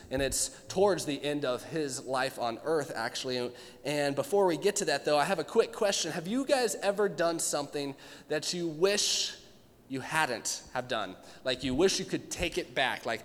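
A young male pastor delivers a sermon in a relaxed, storytelling manner, slipping into quick voiced impressions of the people in his anecdotes. His voice sits high for a man. The sound carries a long reverb from a large hall. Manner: casual storytelling with playful voiced asides.

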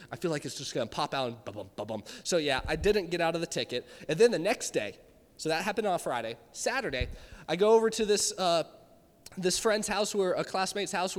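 A young man giving a youth sermon, telling stories animatedly and acting out his own reactions. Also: high-pitched. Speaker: youth pastor. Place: church hall with live audience. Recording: reverberant hall.

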